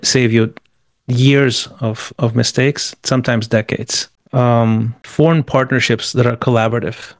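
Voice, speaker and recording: A man with a gravelly, creaky voice gives business advice in an interview. He talks emphatically, repeating words and rattling off long lists. The sound is dry and close. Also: medium pitch, dry recording. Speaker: guest. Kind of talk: interview answers, motivational advice.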